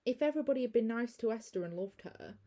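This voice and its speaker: A woman's voice: a little high, lively intonation, quick pace, mellow. A young woman hosting a podcast, recapping a film in a chatty way and laughing easily. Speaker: podcast host. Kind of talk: casual film recap chat.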